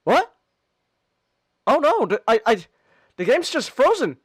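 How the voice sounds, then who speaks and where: A man hosting a casual live-stream podcast while playing a game, excitable, with loud outbursts and stammered restarts. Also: very high-pitched, measured pace, breathy edge, no room sound.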